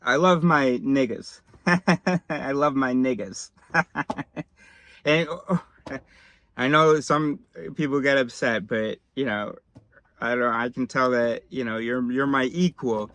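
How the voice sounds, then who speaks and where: A man's voice: medium pitch, fairly even intonation, fairly bright tone. A man doing a chummy, clueless white guy. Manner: chummy, halting, full of ums and you knows. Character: overfamiliar clueless white man, adult, cheerfully presumptuous. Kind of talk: satirical skit voice.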